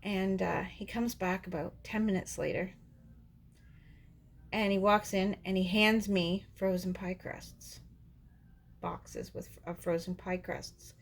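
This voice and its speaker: A woman's voice: mid-range voice, steady tone, takes it slowly, gravelly, slight background noise. A woman vlogger talks to her camera in a loose, rambling way. She laughs often and restarts her sentences as she goes, like someone chatting with friends. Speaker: doll artist and channel host. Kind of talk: casual storytelling to camera.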